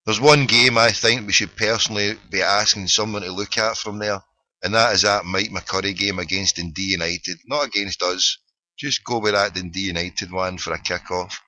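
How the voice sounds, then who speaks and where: In a rough recording with no echo, a Scottish man from Glasgow, middle-aged, delivers solo sarcastic rants on his phone-in podcast, cursing without restraint. He speaks at a moderate pace with a fairly low, sharp voice.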